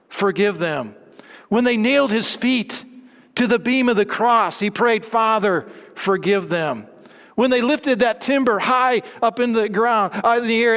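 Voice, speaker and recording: A man's voice: high voice, fairly bright tone. A man preaching a sermon as pastor, earnest, building through repeated refrains with some restarts. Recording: long hall reverb.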